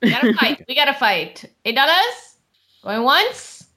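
High lively woman calling auction bids. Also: normal speed. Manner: laughs often, calls bids in a sing-song. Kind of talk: casual podcast banter.

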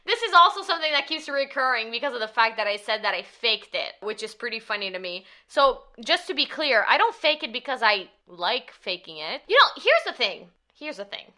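A woman's voice: fairly high pitch, very animated, fairly quick, hardly any pauses, bright, forceful tone. A woman with a Canadian accent co-hosting a podcast, giggling often and swearing freely. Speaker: podcast co-host. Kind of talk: casual chat.

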